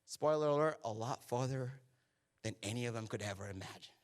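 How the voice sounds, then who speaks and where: A man preaching a sermon as pastor in a church auditorium. He tells the story in a conversational, animated way, acting out the characters and checking in with the crowd. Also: mid-range voice, brisk.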